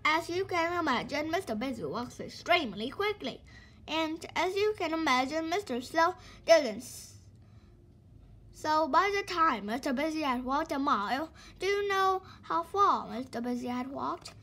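Brief: woman storyteller, high voice, expressive children's book read-aloud. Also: a little slow, slight background noise. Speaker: storybook reader.

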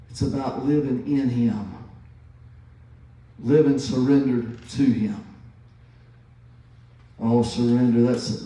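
A man in his fifties preaches slowly and deliberately, leaning hard on repeated phrases. His voice is mellow and dark. It rings through a very echoey church, picked up from some distance. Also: medium pitch. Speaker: pastor. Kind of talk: sermon. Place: church sanctuary.

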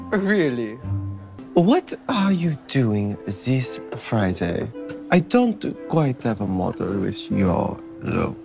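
A smug photographer with a fake French accent. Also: male voice, medium pitch, sing-song, very slow, vocal fry, full character voice. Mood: smooth. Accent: put-on French accent. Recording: music playing underneath.

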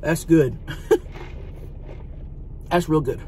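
A woman's voice: sits low, very slow, dark tone, slight background noise. A woman playing a brash, crude trailer-park wife who chats crudely while eating in a parked car. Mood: chatty. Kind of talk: comedic mukbang character sketch.

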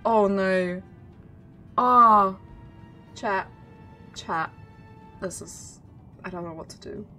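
A young woman streaming a game, commenting live, excitable and swinging between groans and shouts. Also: medium pitch, extremely slow, pauses often. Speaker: VTuber streamer. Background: faint game music.

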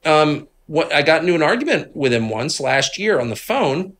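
A middle-aged man from Washington, D.C., a guest telling stories in a candid conversation, moving between low asides and emphatic outbursts. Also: big pitch swings, normal speed, fairly bright tone.

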